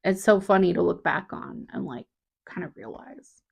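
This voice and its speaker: A woman in her thirties talking candidly in a personal vlog, reflective and halting, often restarting her sentences. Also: on the low side, animated, creaky, breathy edge. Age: 30s. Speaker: vlogger.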